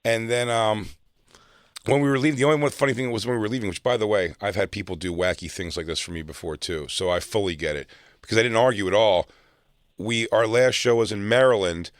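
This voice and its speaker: Storytelling man with a low, dry voice. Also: quick pace, no echo. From South Jersey, near Philadelphia. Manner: animated, acts out other people's lines. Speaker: comedian guest. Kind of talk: casual storytelling.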